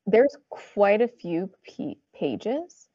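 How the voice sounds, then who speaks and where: A woman's voice: medium pitch, lively intonation, very slow, creaky, no room sound, dull audio. A woman library staffer and story time presenter chatting casually, eager and a little apologetic, with lots of fillers. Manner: enthusiastic and a bit apologetic, filler-heavy. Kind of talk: casual podcast chat.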